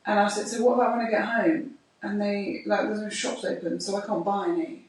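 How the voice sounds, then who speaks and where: A woman, co-hosting a casual podcast chat as a mother, telling stories in an expressive, ranting way. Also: medium pitch, brisk. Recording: echoey room, mic far off.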